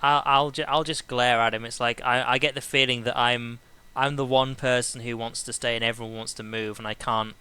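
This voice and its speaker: Hesitant man with a clear, bright voice. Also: medium pitch, level tone, brisk. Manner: hesitant, restarts often. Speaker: player. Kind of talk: playing a tabletop game.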